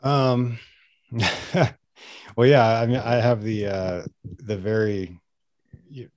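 A man speaking as a podcast guest in a slow, halting way, full of pauses, fillers and sighs. His voice is on the low side. The sound is close and dry, with no room echo. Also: flat delivery, a little mellow. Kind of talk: casual conversational interview.

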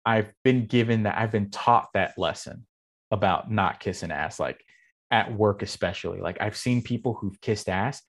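A man's voice: on the low side, moderate pace, breathy edge. A man talking in a casual podcast chat, rambling with many fillers and telling stories with animation. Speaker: game master and guest.

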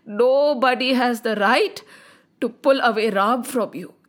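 A high-pitched woman narrating a story to children. She is animated and expressive, stretching words for effect and turning to gentle moral lessons. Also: a little slow.

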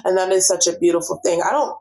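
A woman guest on a podcast, an author and speaker, talking earnestly and acting out what she tells herself in lively asides. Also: lowish voice, quick pace, crowd noise. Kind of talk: casual interview chat.

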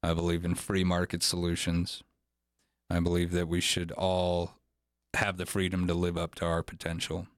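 A man's voice: sits low, completely flat delivery, moderate pace, dry recording, clean studio sound. A man hosting a casual podcast chat, talking in an opinionated, rambling way. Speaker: podcast host.

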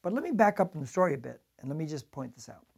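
Husky, animated male pastor preaching. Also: fairly high pitch, rapid-fire. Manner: dramatic storytelling, swinging from loud to hushed. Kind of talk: sermon.

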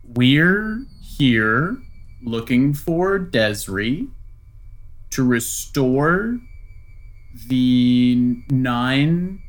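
A woman speaking as her fey prince character in a tabletop game, measured and deliberate. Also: rumbling low, expressive, exaggerated voice.

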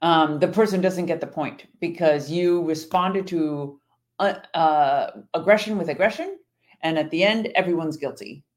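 A woman co-hosting a podcast, chatting casually and explaining her points in a measured way. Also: low-pitched. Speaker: podcast co-host. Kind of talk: casual chat.

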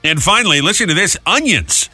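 Fast-talking joking male radio host. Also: high-pitched, lively intonation, noisy background. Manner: jokey, quick, teasing. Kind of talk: casual morning-show banter.

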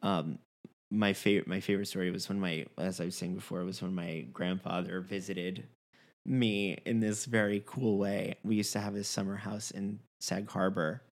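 A man's voice: sits low, moderate pace. A man telling a personal story in casual conversation, acting out the dialogue with many restarts. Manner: animated storyteller, acts out quoted dialogue, frequent restarts.

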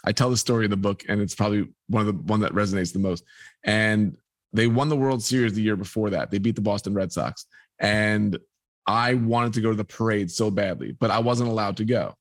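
A man's voice: on the low side, a little fast, no room sound. A man, a guest telling a long personal story and acting out the people in it. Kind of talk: storytelling in a podcast conversation.

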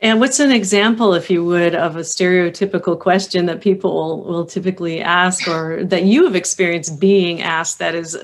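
A woman's voice: on the low side, steady tone, normal speed, few pauses. A woman hosting an interview who asks thoughtful, probing questions and reflects on the answers. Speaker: interview host. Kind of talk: conversational interview.

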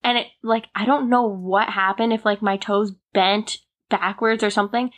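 A woman's voice: medium pitch, fairly even intonation, moderate pace, a bit bright. Giggly young woman telling stories. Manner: chatty storytelling, giggly, many "like" fillers. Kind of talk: casual chat.

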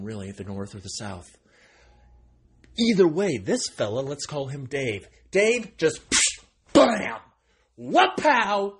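A man in his thirties in a rambling comic monologue, excitable and sarcastic, with a tone he calls aggressive. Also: slight background noise. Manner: excitable, sarcastic, jumping pitch swings; self-described aggressive tone.

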